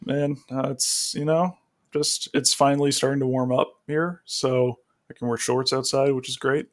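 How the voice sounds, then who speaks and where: A man's voice: mid-range voice, flat delivery, normal speed. A man co-hosting a podcast over a remote call, chatting in a laid-back, dry, serious way. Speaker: podcast co-host. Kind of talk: casual chat.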